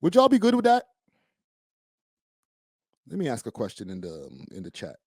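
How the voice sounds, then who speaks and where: A man's voice: medium pitch, wildly swooping pitch, moderate pace, darkish tone, slightly rough, no room sound, studio quality. A young man from Canada, a streamer host giving a blunt, profane, slangy live-stream reaction.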